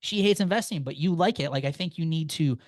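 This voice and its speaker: A man's voice: on the high side, fast, no room sound. Guy on a podcast giving money advice, earnest, encouraging, dry close mic. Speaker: personal finance guest. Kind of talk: conversational interview.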